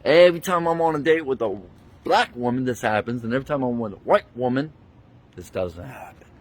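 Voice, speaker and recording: A man's voice: medium pitch, expressive, brisk. A man angrily retelling a bad experience in a profane, indignant rant, talking into a handheld phone he keeps switching between hands. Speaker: vlogger. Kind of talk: angry storytime rant.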